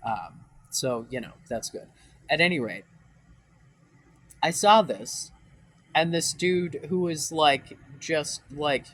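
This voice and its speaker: A man's voice: on the high side, lively intonation, takes it slowly, pauses often, a bit bright, dry recording, poor audio. Rambling, profane young man vlogging. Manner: rambling, profane, exasperated, many fillers and restarts. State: voice cracking after crying. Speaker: dating advice vlogger. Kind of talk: casual ranting vlog.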